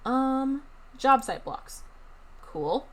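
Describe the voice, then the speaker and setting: A young woman streaming a building game, chatting casually and thinking aloud in an excited, talkative way. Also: sits high, very slow. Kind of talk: casual live-stream chat while playing a building game.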